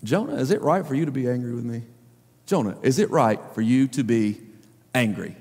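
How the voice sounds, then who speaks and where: A man voicing God as a calm, fatherly figure who questions gently and quietly. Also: extremely high pitch, pitched above the performer's own voice. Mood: gently reproving. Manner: quiet, slow, measured. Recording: long reverb of a large hall.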